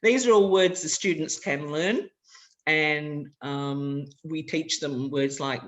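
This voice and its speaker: A man with an Australian accent leads a hands-on teacher-training workshop. His voice sits a little high for a man, and he explains things in a relaxed, conversational way, working through practical examples as he talks. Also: slow pace. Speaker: workshop presenter for language teachers.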